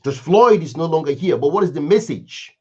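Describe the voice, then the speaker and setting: Male speaker, slightly high voice, emphatic preaching cadence on a dull lo-fi recording. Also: animated, fairly quick, husky. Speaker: speaker giving a moral reflection. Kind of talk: impassioned moral talk.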